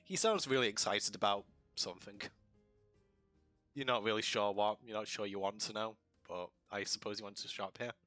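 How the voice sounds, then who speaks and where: A man's voice: fairly low pitch, moderate pace, sharp tone, dry recording, soft background music. A man narrating a tabletop game as game master, rambling and correcting himself as he goes.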